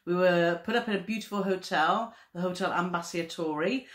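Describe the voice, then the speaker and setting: A woman's voice: on the low side, normal speed. A woman co-hosting a travel vlog in casual chat. She talks in a chatty, gushing way and keeps turning to her partner with tag questions. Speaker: travel vlogger co-host. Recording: roomy echo.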